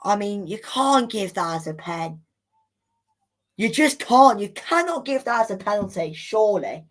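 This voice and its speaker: A woman hosting a live football watchalong, commenting in an excitable, exclamatory way with indignant rants. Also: mid-range voice, unhurried. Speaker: watchalong host.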